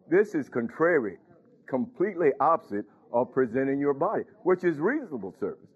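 A man with a fairly high-pitched, animated voice preaches fairly quickly in a conversational style. He chuckles and keeps asking the congregation whether they're following him. The recording sounds tinny, like a phone.

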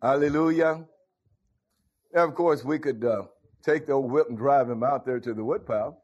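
On a dull lo-fi recording, an older pastor's folksy preaching is full of call-and-response, with frequent "huh?" and "thank you, Lord." He speaks at a moderate pace in a medium-pitched, slightly mellow voice.

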